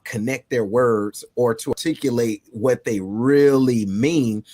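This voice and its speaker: Male host, mid-pitched, bouncy and upbeat, dry close sound. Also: no room sound. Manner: energetic, laughing, call-and-response. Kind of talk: casual panel talk show.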